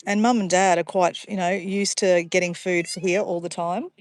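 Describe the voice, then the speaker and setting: A woman's voice: fairly low pitch, fairly even intonation, moderate pace. An Australian woman chatting casually to livestream viewers outdoors by a pond, easily sidetracked and calling her viewers guys. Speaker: livestream vlogger.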